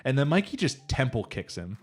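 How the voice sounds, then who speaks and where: Fast-talking man recapping an anime. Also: medium pitch, slightly rough, faint music behind. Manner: animated retelling, acts out characters' lines; frequent swearing and laughing. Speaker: podcast co-host. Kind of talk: casual anime recap chat.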